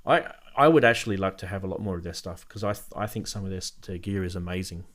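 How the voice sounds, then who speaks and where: A man's voice: low voice, fast, a bit bright. A man hosting a casual chat about synth modules, thinking aloud with frequent ums and restarts. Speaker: host.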